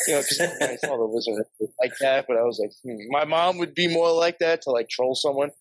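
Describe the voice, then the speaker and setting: A man's voice: medium pitch, very animated, fast talker, few pauses, no echo, rough recording. A man with a New York accent telling a long, rambling story, swearing often and laughing as he talks. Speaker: podcast guest. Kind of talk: casual storytelling.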